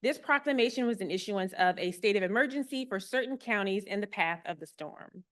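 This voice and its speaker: A woman's voice: medium pitch, lively intonation, brisk, a bit bright. Woman archivist giving a friendly talk. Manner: friendly, explanatory, lightly humorous. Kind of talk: public talk to an audience. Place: room with a live audience.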